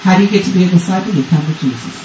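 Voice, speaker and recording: Very fast and warm, with a lowish pitch, a Texas grandmother in her fifties preaches as a guest speaker at church, driving urgent, repetitive call-and-response. The mic is distant, giving roomy off-mic church sound and slight background noise.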